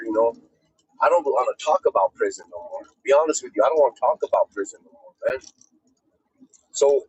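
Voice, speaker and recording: A man's voice: fairly high pitch, darkish tone, slightly rough, dry recording, poor audio. A man talking casually on a livestream in heavy street slang, calling people bro and homie, earnest and at times choked up. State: emotional, choked up. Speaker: streamer.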